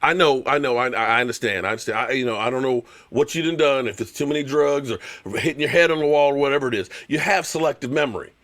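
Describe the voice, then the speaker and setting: A man's voice: mid-range voice, fast, fairly bright tone. A man hosting a live stream, ranting about football in a fired-up, sarcastic way and repeating words for emphasis. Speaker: show host and former pro football player. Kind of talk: heated live-stream sports rant.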